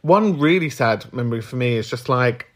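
A man's voice: medium pitch, animated, normal speed. A man from the UK hosting a casual podcast. He talks candidly and reflectively, in everyday chat with the odd swear word. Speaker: podcast host.

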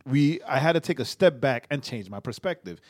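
With an expressive, mid-range voice and a brisk delivery, a young man co-hosts a casual podcast about faith. He tends to ramble, stammers and restarts, and tags his lines with "right?".

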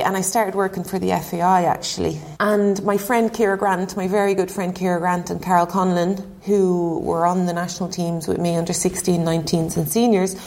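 A woman's voice: lowish voice, a little mellow. Chatty woman telling a story. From Ireland. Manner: chatty, laughing, acts out dialogue. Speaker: interview guest, former goalkeeper. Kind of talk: casual chat, storytelling.

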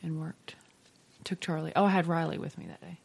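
A woman's voice: sits low, flat delivery, fairly quick, vocal fry, darkish tone, slightly rough. A woman in her thirties co-hosting a casual chat, teasing and laughing often. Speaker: podcast co-host.

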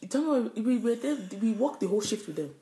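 A woman's voice: on the high side, very animated, quick pace, dark tone, roomy sound. A woman co-hosting a podcast, telling stories animatedly with frequent laughter and swearing. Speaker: podcast co-host. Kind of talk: casual chat. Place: Edmonton, Alberta, Canada.

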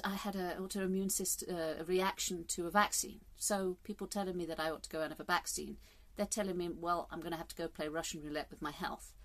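A woman's voice: on the low side, a bit bright. Woman, 50s, vlogger; candid, rambling reflective monologue, swears for emphasis.

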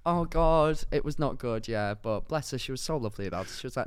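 A man's voice: mid-range voice, animated, fast talker, clean tone, dry recording, studio quality. A young man co-hosting a podcast, a bit ill with a cold, chatty and self-mocking, laughing often. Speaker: podcast co-host. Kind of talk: casual chat.

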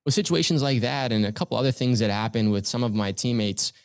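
A young man from Canada, a guest speaker, recounting personal experiences in an earnest, measured way. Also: mid-range voice, no room sound, studio quality. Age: young adult. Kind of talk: reflective storytelling in conversation.

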